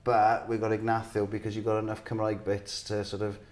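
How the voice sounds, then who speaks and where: A man's voice: fairly low pitch, monotone, fairly quick, a little mellow. A man from Wales interviewing a comedian friend, asking questions with a teasing edge. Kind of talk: casual interview chat.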